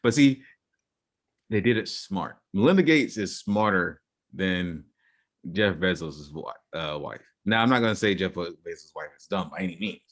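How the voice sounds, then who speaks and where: Deep-voiced man arguing in podcast chat. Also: animated, moderate pace, fairly bright tone. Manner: argumentative, lays out theories, repeats himself. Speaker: podcast co-host.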